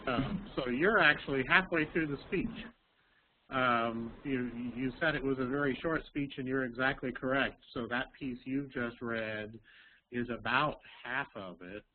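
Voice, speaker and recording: A man teaching English in an online language lesson, explaining slowly with many pauses and ums over a video call. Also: mid-range voice. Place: Texas. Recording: tinny call audio, faint hiss.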